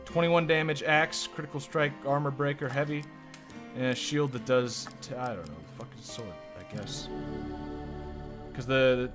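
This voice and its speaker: A man's voice: medium pitch, moderate pace. A man streaming a card game, reading its text aloud and rambling with casual swearing. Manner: profane, rambling. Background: game music.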